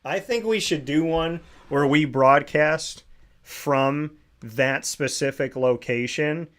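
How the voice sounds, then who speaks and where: A man hosting a casual talk show, telling lively stories and mentioning that he does impressions. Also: a little high, slow. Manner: animated storyteller who does impressions. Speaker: show host.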